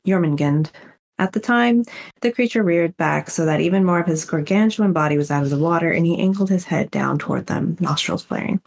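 Brief: low-pitched woman co-host, relaxed read-aloud, self-correcting. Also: fairly quick, creaky. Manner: casual, self-correcting reading. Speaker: book podcast co-host. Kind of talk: reading aloud with casual asides.

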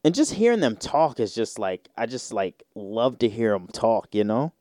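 A man's voice: medium pitch, very animated, normal speed, darkish tone, no echo, studio quality. A man hosting a solo podcast, rambling in casual slang with lots of fillers. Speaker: podcast host.

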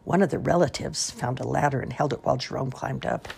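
A woman reading a children's story aloud with expressive, lively voicing. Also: very deep voice, quick pace, vocal fry, slight background noise.

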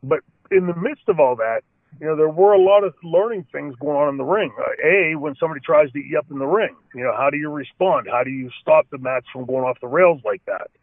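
A man's voice: fairly high pitch, a little fast, dry recording. A man telling long wrestling stories in an interview, full of restarts and "you know.". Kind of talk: storytelling interview answers. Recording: dry, tinny phone-like line.

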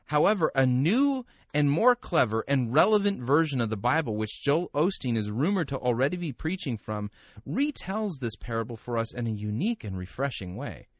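A man's voice: medium pitch, big pitch swings, moderate pace, no room sound. A man hosting a podcast, talking casually with wry, sarcastic asides and frequent restarts. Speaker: podcast host. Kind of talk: casual commentary and reading aloud.

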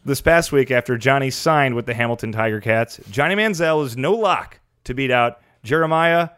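A man's voice: mid-range voice, normal speed, a bit bright, clear, resonant tone, no room sound. Male host, wry headline reader, dry close sound. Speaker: podcast host reading the news. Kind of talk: casual sports comedy chat.

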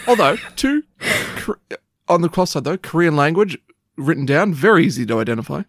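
Joking podcaster with an animated voice. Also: medium pitch, a little fast, no room sound, clean studio sound. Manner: joking, swears often, laughs loudly. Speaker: podcast co-host. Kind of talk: casual podcast chat.

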